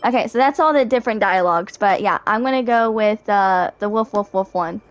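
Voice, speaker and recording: A woman's voice: mid-range voice, a little fast, a little hiss or hum. A woman playing a video game and chatting casually, thinking aloud with lots of fillers. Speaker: game streamer. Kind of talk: casual gameplay commentary.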